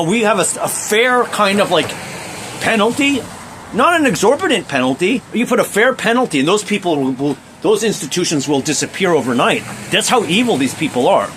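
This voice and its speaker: A man talks in a long, emphatic monologue, full of restarts, fillers and repeated phrases. His voice sits somewhat high for a man. A faint hum of noise runs under the recording. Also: a bit bright. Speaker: vlogger. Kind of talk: rambling monologue.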